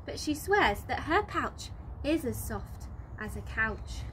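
A woman teacher reading a picture book aloud outdoors, bouncy and expressive with the rhymes. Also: sits high, takes it slowly, a little hiss or hum, low-quality recording. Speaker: infant school teacher. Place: outdoors in the sunshine.

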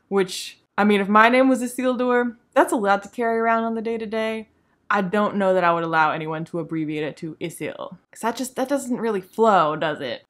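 Sarcastic woman hosting a review vlog. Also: fairly low pitch. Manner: dry, sarcastic, deadpan humor. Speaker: video host reviewing a show.

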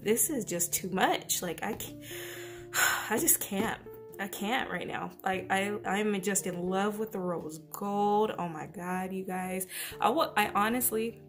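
A woman chatting casually as she unboxes and gushes over a new notebook. She often trails off mid-sentence, keeps her voice hushed at home and sometimes drops almost to a whisper. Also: medium pitch. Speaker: planner vlogger. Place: at home beside a napping baby.

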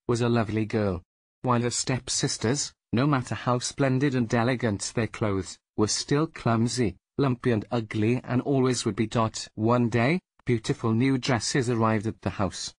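A man reading a fairy tale aloud as storyteller, slow and deliberate. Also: mid-range voice, husky, no echo.

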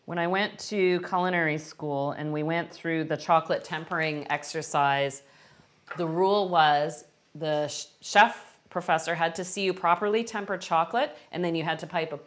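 A middle-aged woman hosting a live-stream baking lesson, chatting warmly and answering viewers' questions as she works. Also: deep voice, normal speed. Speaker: baking instructor.

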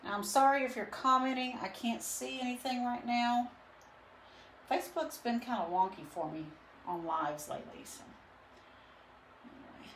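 A woman's voice: fairly high pitch, moderate pace, long pauses, a bit bright, slight background noise. A woman chatting casually through a live painting demo, rambling with lots of fillers. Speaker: painting instructor and studio owner. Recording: roomy echo.

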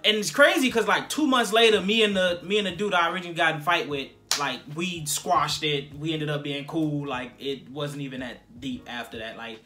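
Animated bright-voiced storyteller. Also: mid-range voice. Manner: animated, acts out quotes, many fillers. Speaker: guest on a Q&A vlog. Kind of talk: casual storytelling.

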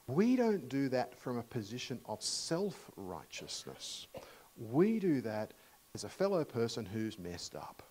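Australian guy preaching, chatty, asks the room questions, gets loud then drops almost to a whisper. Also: mid-range voice, poor audio. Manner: animated, swings from loud emphasis to hushed near-whispers; conversational, asks the congregation questions. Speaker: visiting preacher. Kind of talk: sermon.

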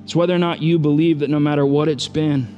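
Pastor, male, slightly high voice; relaxed storytelling sermon with humor and pressing repeated questions. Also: fast, lo-fi sound, faint music behind. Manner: casual, joking retelling that builds to urgent appeals.

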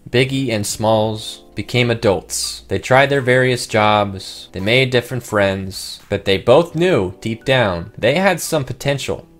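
A man's voice: mid-range voice, measured pace, few pauses, fairly bright tone, soft background music. A man narrating a comic game story with wry, joking asides.

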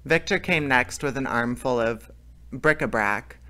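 Bright-voiced man reading a story. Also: mid-range voice, measured pace. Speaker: narrator.

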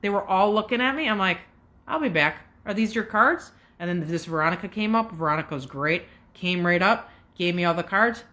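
A woman's voice: medium pitch, a little fast, hardly any pauses, sharp tone. A woman in her fifties telling a long, agitated story straight to her viewers, swearing and jumping between asides. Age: 50s. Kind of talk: casual rant to camera.

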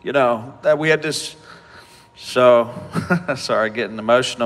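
A man giving an emotional personal testimony from a conference stage, halting and often repeating himself as he talks. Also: mid-range voice, a bit bright, long reverb tail. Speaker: preacher speaking at a conference.

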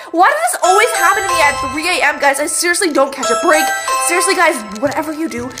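A young woman vlogger with a very high voice, talking in a dramatic, excitable way and leaning on filler words. She films at home at night while clear music plays under her. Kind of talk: scripted skit vlog.

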